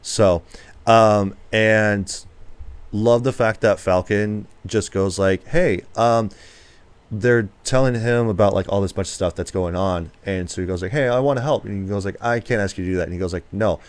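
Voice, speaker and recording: Smooth low-voiced man recapping a movie. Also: steady tone, moderate pace, no room sound. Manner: retells scenes with quoted lines, lots of fillers. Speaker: podcast co-host. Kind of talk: casual movie review chat.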